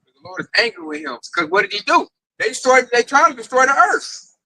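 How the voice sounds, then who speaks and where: Male camp teacher, high-pitched and bright, animated storyteller. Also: brisk, poor audio. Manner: excitable, storytelling with quoted voices. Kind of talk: informal religious teaching.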